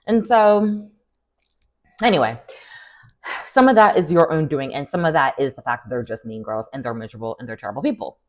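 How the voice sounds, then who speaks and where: A woman's voice: very deep voice, expressive, brisk, pauses often. A woman giving a casual, sassy recap of a reality show, blunt and opinionated, with fillers and laughter.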